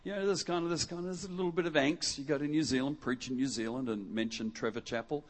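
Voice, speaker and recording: Middle-aged preacher, husky voice, casual and jokey with the congregation, plays out little quotes. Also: male voice, fairly high pitch, quick pace. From Western Australia. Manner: jokey and conversational, acts out quotes. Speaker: guest preacher. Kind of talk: lively sermon with audience interaction. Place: church hall before a congregation.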